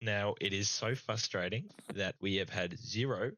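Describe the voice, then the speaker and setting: Young Aussie podcast host, loud and swearing, bright forceful tone, dry close sound. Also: male voice, fairly low pitch, moderate pace, no room sound, rough recording. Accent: Australian. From Australia. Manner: fired-up, swearing, mock-outraged. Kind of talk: casual sports podcast rant.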